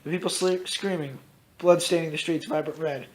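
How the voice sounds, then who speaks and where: A man casually reading out his own story, dropping into loud voices for its characters. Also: on the high side, fairly even intonation, moderate pace. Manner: switches into loud shouted character lines, swears freely.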